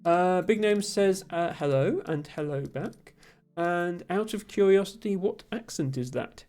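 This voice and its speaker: A woman's voice: lowish voice, measured pace, warm tone, soft background music. A woman from Somerset with a generic, slightly posh southern English accent, chatting casually on a stream while solving puzzles and thinking aloud. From Somerset, southwest England. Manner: rambling, thinks aloud, reads chat aloud.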